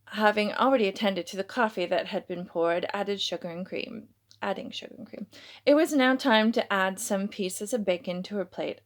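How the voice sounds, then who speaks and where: A woman reading her own novel aloud in an unpolished way, with slips and self-corrections. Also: medium pitch. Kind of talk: audiobook reading.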